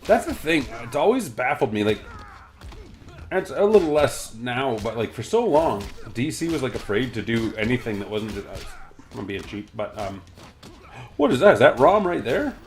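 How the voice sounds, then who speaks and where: A man's voice: medium pitch, expressive, normal speed. A man casually chatting and rambling about comics while reacting aloud to the video game he is playing. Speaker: gaming channel host.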